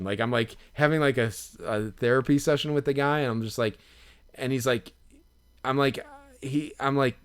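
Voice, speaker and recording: Man, podcast co-host, casual storytelling, animated quotes. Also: medium pitch, brisk, smooth. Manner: animated, acts out quotes with rising excitement.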